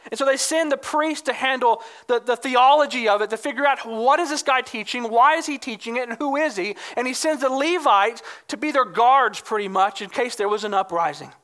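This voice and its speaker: Preacher with a bright, clear tone; emphatic sermon delivery that explains and reads scripture. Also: mid-range voice, fairly quick, few pauses. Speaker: pastor.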